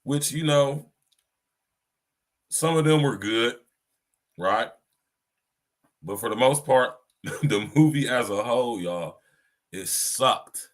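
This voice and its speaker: A man hosts a podcast in casual chat, his medium-pitched voice animated but slow, with long pauses. He's blunt and slangy, tends to repeat himself, and often throws in "you hear me".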